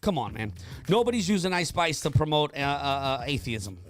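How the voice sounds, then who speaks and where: A woman's voice: low voice, sing-song, moderate pace, soft background music. A woman hosting a radio show in casual chat, blunt and joking, with strong opinions.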